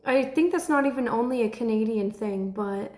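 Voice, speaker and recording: A woman's voice: on the high side, normal speed, echoey room. A woman, chatting casually on a livestream and laughing often. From Texas. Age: 20s. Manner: chatty, laughs often, breaks into excited shouts. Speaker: livestream host.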